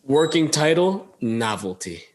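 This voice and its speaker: A man's voice: on the high side, big pitch swings, unhurried. A man co-hosting a podcast, chatting casually and acting out movie lines between laughs. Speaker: podcast co-host. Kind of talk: casual chat.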